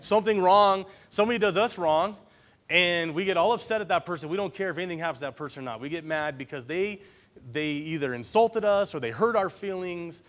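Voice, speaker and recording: Casual, higher-voiced man preaching. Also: a bit bright. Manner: casual, often checks in with listeners by asking "right?". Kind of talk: conversational Bible-study sermon.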